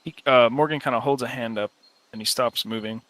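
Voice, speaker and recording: A man narrating a tabletop game as game master, relaxed and unhurried, with many filler pauses. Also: mid-range voice.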